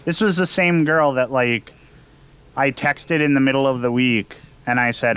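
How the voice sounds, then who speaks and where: A man's voice: mid-range voice, normal speed, fairly bright tone, clear, resonant tone. A man co-hosting a casual podcast, easygoing and casually swearing as he chats. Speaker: podcast co-host. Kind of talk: casual chat.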